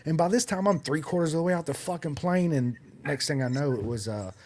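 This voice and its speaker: A man's voice: on the high side, brisk, darkish tone. A man telling a story on a podcast, swearing freely and tagging his sentences with "right?" and "bro". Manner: profane, punctuates with "right?" and "bro". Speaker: race team member guest.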